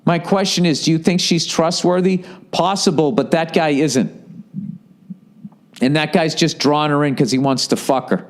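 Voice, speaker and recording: A middle-aged podcast host with a Boston accent launches into a profane comedic rant, swearing constantly and mocking others in silly put-on voices. His voice is on the high side, at a moderate pace.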